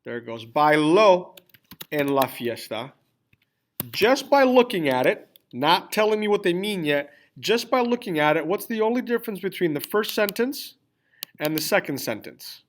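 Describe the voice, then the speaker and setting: Man teaching, fairly high voice. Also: sing-song, moderate pace, slight background noise. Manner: repeats "all right?" and checks in with students; spells out endings letter by letter. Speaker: Spanish teacher. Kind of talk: classroom lesson with screen typing.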